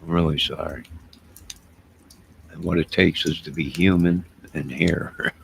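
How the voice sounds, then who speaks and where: A man with a low, gravelly voice rambles to his live-stream viewers late at night, taking his time over every thought. He sounds loose and a little defensive as he talks right at them. A faint hiss of noise sits under the recording. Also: fairly even intonation, measured pace. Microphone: wearing headphones at a desk mic.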